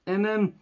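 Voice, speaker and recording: A man ranting through a movie recap, sarcastic and profane, often clearing his throat. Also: high-pitched, darkish tone, muffled recording. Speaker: movie reviewer.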